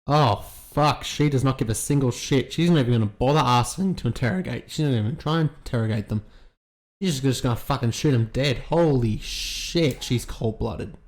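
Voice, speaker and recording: A man's voice: mid-range voice, normal speed, a little mellow. A man giving casual, rambling reaction commentary on a TV episode, swearing a lot and talking bluntly. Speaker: YouTube reaction host.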